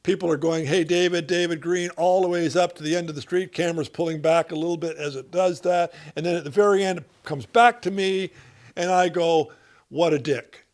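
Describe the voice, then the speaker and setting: A man teaching comedy writing to camera, in an instructional talk with dry, deadpan asides. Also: fairly high pitch, fairly quick.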